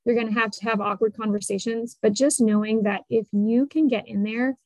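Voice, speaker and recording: A woman's voice: fairly high pitch, steady tone, a little fast, dark tone, no echo, poor audio. A woman guest on a podcast, talking earnestly and encouragingly about parenting. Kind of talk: conversational interview.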